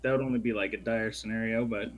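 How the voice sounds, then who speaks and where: A man's voice: on the low side, fairly even intonation, fast talker, poor audio. A man playing a tabletop game, chatting casually and planning moves with the group. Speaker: player.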